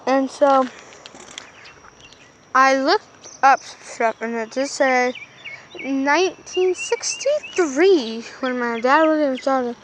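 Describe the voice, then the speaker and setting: A woman's voice: sits high, a little hiss or hum. A woman vlogger telling a story in a casual, rambling way, full of fillers, with "flippin'" and "effing" in place of swearing.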